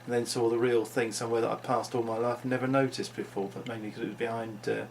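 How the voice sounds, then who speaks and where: A man with a gravelly, creaky voice muses through an unscripted vlog monologue. His pitch sits mid-range for a man, and he wanders from thought to thought, often restarting his sentences. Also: little pitch movement, fast talker, a little hiss or hum. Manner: rambling, musing, with frequent restarts. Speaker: vlogger.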